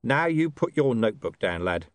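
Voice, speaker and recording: A man's voice: medium pitch, very animated, normal speed, no room sound, natural voice. A man playing a sardonic, menacing watch commander. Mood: quietly firm. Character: gruff wary male city watch commander.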